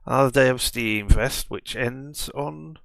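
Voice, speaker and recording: A man's voice: mid-range voice, unhurried, vocal fry, a bit bright, no echo. A man hosting a casual let's play video, commenting on a game in a rambling, self-mocking way.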